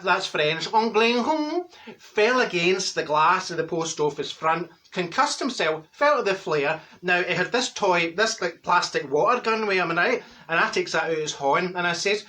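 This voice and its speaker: A man's voice: sits high, pushed and bright. A man playing a blunt Glaswegian auntie. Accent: Glaswegian Scottish. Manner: rambling, gossipy, blunt with malapropisms. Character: chatty older Glaswegian woman, straight-talking and mischievous. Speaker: comic character. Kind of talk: comic monologue storytelling.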